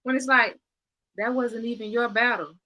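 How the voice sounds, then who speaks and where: A woman co-hosting a podcast in casual chat, emphatic and quick to affirm her partner's points. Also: on the high side, fairly even intonation, no room sound, highs cut off. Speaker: podcast co-host.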